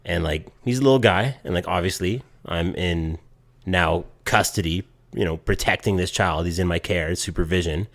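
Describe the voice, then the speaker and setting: A man's voice: sits low, creaky, dry recording. A man from Canada co-hosting a podcast, teasing his friend and telling his own story in casual chat. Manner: wisecracking, quick teasing asides. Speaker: podcast co-host.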